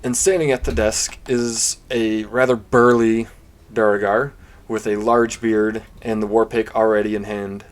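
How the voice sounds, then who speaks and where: Man, game master, low voice, measured descriptive narration. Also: little pitch movement.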